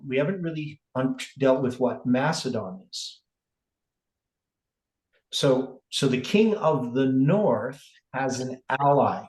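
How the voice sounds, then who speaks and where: A man's voice: mid-range voice, reverberant, poor audio. A man leading a word-by-word Bible study, thinking aloud with many fillers and checking in with "right?". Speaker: Bible teacher.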